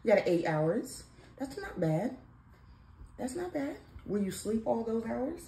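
With a warm, fairly high voice that swings widely in pitch, a mother and vlog host teases her son at a measured pace. It's a casual, playful, sing-song morning chat at home, caught on a phone in an echoey room with faint background noise.

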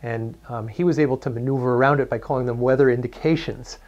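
A man recounting a historical episode in a documentary interview, pausing often with ums and uhs. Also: mid-range voice, steady tone, darkish tone, highs cut off. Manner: hesitant storytelling with frequent ums.

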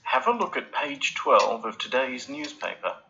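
A man's voice: mid-range voice, very animated, unhurried, gravelly, pushed and bright, lo-fi sound, a little hiss or hum, exaggerated voice. A man voicing a jovial male friend calling on the telephone in a storybook, hearty and chummy.

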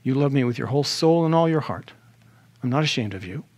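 A man acting out Jesus as an earnest, gentle grown man asking searching questions during a sermon. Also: medium pitch, expressive, quick pace. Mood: tender.

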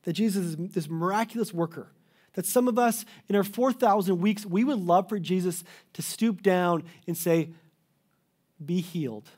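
Earnest male pastor, mellow voice. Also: high-pitched, moderate pace. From Canada. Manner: earnest, restarts mid-phrase, pleading emphasis. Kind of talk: sermon.

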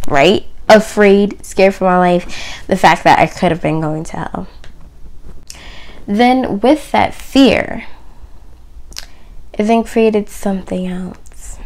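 A woman talking openly to camera about her faith, with emphatic phrasing that keeps dropping to a near whisper. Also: medium pitch. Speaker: video host. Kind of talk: personal faith talk to camera.

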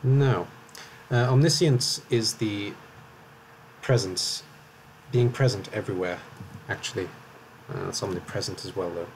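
A man with a slight Welsh lilt and a lowish voice chats through his live game commentary. He rambles and keeps correcting himself mid-thought. A faint hiss sits under his voice. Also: measured pace, low-quality recording. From Wales. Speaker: streamer.

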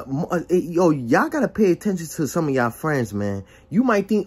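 A young man casually telling a personal story as testimony, acting out the dialogue with lively exclamations. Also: on the high side, moderate pace, few pauses, husky. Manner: animated, acts out dialogue with exclamations.

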